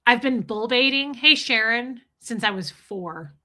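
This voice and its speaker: Blunt bright-voiced woman streamer. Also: fairly high pitch, expressive, a little slow. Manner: blunt, profane, confessional. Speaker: livestream host. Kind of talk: casual livestream talk with chat shout-outs.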